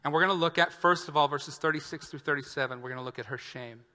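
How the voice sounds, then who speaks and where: A man preaching as a pastor, telling a funny personal story with animated, acted-out quotes before outlining scripture. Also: a little high, fast talker. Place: church sanctuary. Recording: long church-hall reverb.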